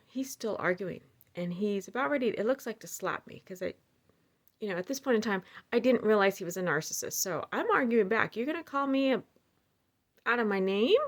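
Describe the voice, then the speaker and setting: A woman telling a personal story to her viewers in a casual, animated way, with many fillers and asides. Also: mid-range voice. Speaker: storyteller sharing personal experiences.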